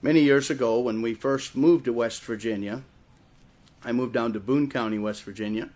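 A man with a Wisconsin accent preaching a sermon, telling stories and slowing down and rising in volume for emphasis. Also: medium pitch. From Chicago area, raised in Wisconsin. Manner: storytelling preacher, swells louder and slower for emphasis. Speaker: guest preacher.

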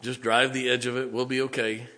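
A man's voice: mid-range voice, flat delivery, bright, forceful tone. A man, a pastor telling a story in a folksy, conversational sermon. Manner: folksy, conversational, dramatic pauses.

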